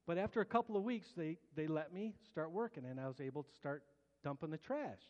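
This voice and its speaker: A man's voice: on the high side, lively intonation, a little fast, dull audio. Earnest preacher man in an echoing hall. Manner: earnest, colloquial storytelling with stammered restarts. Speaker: pastor. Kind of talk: personal testimony sermon. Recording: long hall reverb.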